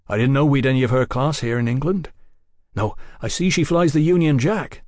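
Guy reading a gruff bossy leader, quick orders, audiobook. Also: mid-range voice, darkish tone, dry recording, studio quality, lightly acted. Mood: brisk.

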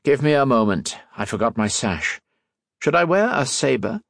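A man's voice: mid-range voice, big pitch swings, normal speed, gravelly, no room sound, clean studio sound, voice pushed up. A man voicing a proud, vain ship captain in a storybook reading, brusque in manner.

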